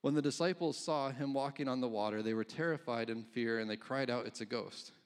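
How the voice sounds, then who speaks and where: A man's voice: mid-range voice, fairly quick. A man preaching a casual, conversational sermon, reading scripture aloud and chuckling between points. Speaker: pastor.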